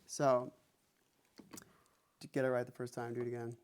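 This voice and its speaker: A man's voice: mid-range voice, flat delivery, moderate pace, heavy background noise. A man teaching drums in a music lesson, talking plainly and counting beats aloud as he plays. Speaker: drum teacher. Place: music room with drum kit. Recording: drums loud behind the voice.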